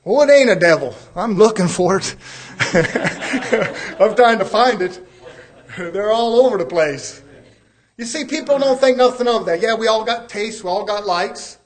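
A male preacher, delivering a church sermon in a folksy, emphatic way, chuckling and dropping to a low hush. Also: lively intonation, normal speed.

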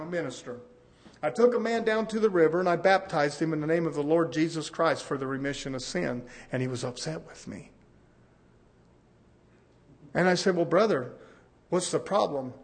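High-voiced male preacher, animated sermon delivery. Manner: animated preaching that swings from loud to hushed.

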